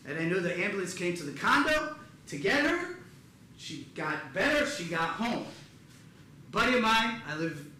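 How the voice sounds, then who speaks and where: A middle-aged man performing live stand-up comedy in a theater, telling animated stories and acting out the people in them. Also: sits high, recorded from a distance. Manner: animated storytelling, acts out his mother and joke characters. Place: theater stage before a live audience. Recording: roomy theater sound with audience noise.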